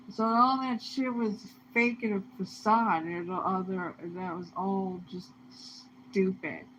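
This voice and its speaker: Woman venting in a swearing rant, mid-pitched voice, muffled home-recorded sound. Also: a bit bright. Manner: profane, heated, swings between muttering and outbursts. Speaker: vlogger. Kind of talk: angry ranting monologue. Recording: dull lo-fi sound with faint noise.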